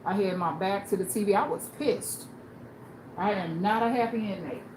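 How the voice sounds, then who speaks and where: A woman's voice: medium pitch, normal speed. A woman livestreaming, telling stories casually and bluntly, acting out the people she quotes. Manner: blunt, animated storyteller who acts out quoted people. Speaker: livestream host. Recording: echoey room with background noise.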